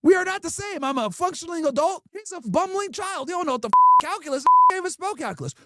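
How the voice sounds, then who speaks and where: Guy ranting at his stream chat, high voice that jumps all over, super mocking, dry sound. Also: huge pitch swings, quick pace, sharp tone, no room sound. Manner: emphatic, mocking, repeats rhetorical questions. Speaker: streamer and podcast host. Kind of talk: ranting commentary to a live chat.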